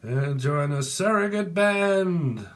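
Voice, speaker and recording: Guy putting on a slow drawly menacing tough guy, pitched up, bit off-mic. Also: lively intonation, a little hiss or hum.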